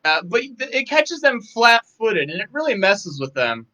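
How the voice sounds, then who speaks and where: A young man with dry, self-deprecating humor, talking softly and a little tired in a casual live interview. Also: high-pitched, big pitch swings, normal speed, low-quality recording. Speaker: guest.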